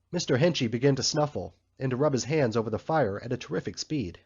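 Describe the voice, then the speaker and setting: A man narrating an audiobook in a measured, even storytelling manner. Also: medium pitch, slightly rough. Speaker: audiobook reader. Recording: slightly muffled recording.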